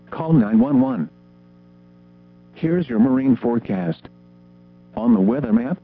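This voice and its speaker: A male forecast voice with a synthetic-sounding edge reads out winds and waves in a steady, list-like rhythm, jumping sharply up in pitch on short phrases. The sound is narrow and tinny, like a phone line. Soft guitar music plays faintly behind him. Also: breathy edge. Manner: measured, even, list-like delivery. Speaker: weather forecast reader. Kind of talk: scripted marine weather forecast.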